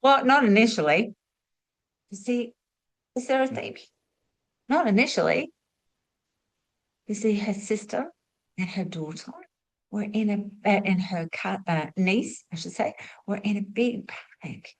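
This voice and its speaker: A middle-aged woman, a spiritual teacher and former nurse, telling stories as a lesson and asking rhetorical questions, moving between lively and hushed delivery. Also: mid-range voice, measured pace, long pauses. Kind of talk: storytelling teaching talk.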